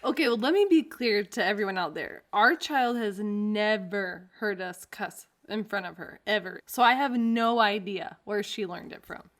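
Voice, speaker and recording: A woman's voice: mid-range voice, normal speed, few pauses, a bit bright. A woman co-hosting a podcast in casual chat, playful and laughing often. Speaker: podcast co-host.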